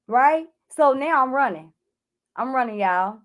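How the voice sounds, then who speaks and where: A woman's voice: sits high, unhurried. A woman clarity coach telling an emotional personal story to camera, addressing viewers directly and acting out her own frantic cries for help. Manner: animated, addresses viewers as y'all, acts out her own panicked shouts.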